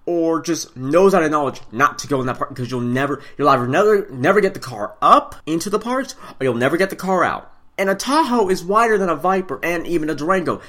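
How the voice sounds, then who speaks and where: A young man casually telling a rambling story, often correcting himself mid-sentence and going off on side remarks. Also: a little high. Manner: rambling, self-correcting, animated asides. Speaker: storyteller recounting a trip.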